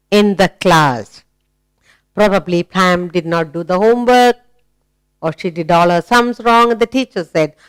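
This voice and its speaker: Indian english lady teaching kids phonics, super slow, voice bouncing all over, smooth clear tone. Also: medium pitch. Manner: slow and deliberate, drawing out key words, asks frequent questions. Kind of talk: slow, animated teaching to children.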